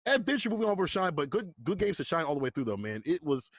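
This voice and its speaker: A man casting a fighting-game tournament live, hyped and playful and quick to laugh. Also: fairly high pitch, very animated, no echo, clean studio sound. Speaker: esports commentator.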